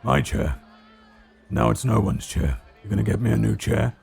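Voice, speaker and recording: A man voicing a gruff, surly male paladin in heavy armor who bullies people in a tabletop game. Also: lowish voice, lively intonation, moderate pace, a little mellow, faint music behind, full character voice. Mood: demanding. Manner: grunting, curt and demanding.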